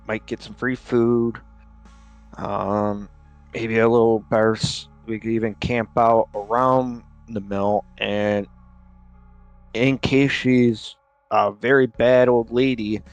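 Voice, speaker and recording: Slow, hesitant male tabletop player. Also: lowish voice. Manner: deliberate, hesitant with ums. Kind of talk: tabletop game chat.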